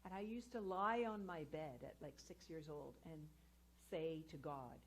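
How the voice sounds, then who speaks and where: A woman's voice: sits low, measured pace, slight background noise. A woman educator giving an earnest inspirational talk to a live audience in a spiritual centre hall, telling personal stories. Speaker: guest speaker and educator.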